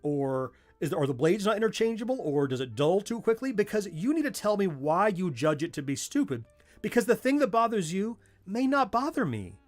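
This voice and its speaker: A man's voice: high voice, sing-song, fairly quick. A middle-aged man with a Southern US accent, hosting a casual livestream from a home workspace and chatting in a way that wanders off on tangents. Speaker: livestream host.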